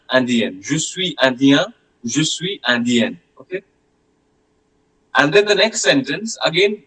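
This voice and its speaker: A man teaching French in an online class, patiently repeating words slowly for pronunciation. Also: a little high, pushed and bright, low-quality recording.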